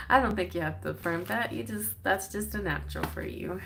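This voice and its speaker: A woman's voice: lowish voice, normal speed, vocal fry, a bit bright, slight background noise. A woman doing a casual live-stream tarot reading, reading card meanings aloud with chatty asides. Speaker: tarot reader.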